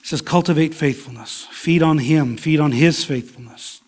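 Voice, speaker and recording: A man preaching a sermon in a slow, emphatic way, dropping at times to a soft whisper. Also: on the high side. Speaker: pastor.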